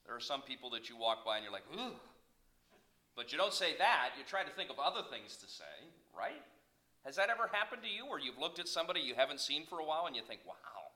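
A middle-aged man preaching a sermon, telling stories with sudden loud bursts and soft asides. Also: on the high side, quick pace, low-quality recording. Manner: animated storytelling, swings between loud bursts and soft asides. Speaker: pastor.

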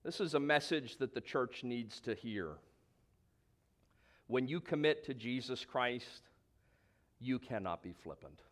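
A pastor with a medium-pitched, fairly bright voice preaches a sermon in an animated but slightly slow way, leaving long pauses. He stretches key words to stress them and drops in conversational asides.

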